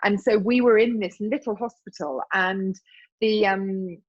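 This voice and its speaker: A middle-aged woman, a nurse co-hosting a podcast, chatting casually and jumping in with quick reactions and her own stories. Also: mid-range voice, fairly even intonation. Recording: dull, lo-fi sound.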